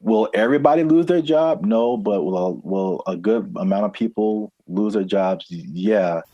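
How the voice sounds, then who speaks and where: A man's voice: on the low side, normal speed, warm tone, no room sound, lo-fi sound. A man from California co-hosting a casual podcast, rambling and laughing often. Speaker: podcast co-host.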